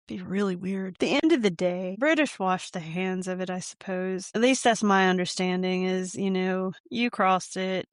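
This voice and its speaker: A woman's voice: medium pitch, steady tone, normal speed, no room sound, clean studio sound. A woman hosting a casual solo podcast, talking in a wry, irreverent way full of joking asides. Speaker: podcast host.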